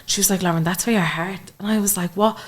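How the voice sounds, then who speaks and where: A young woman with an Irish accent speaks at a quick pace in a steady, medium-pitched voice. As a podcast guest, she tells an emotional personal story in conversation and acts out the dialogue within it.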